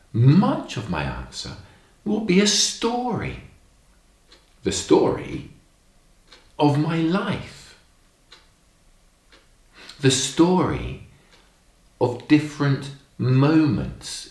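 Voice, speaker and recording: Slow, lively storyteller man, echoey room. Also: medium pitch. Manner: expressive and emphatic, acting out lines in a story. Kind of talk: storytelling lesson for young children.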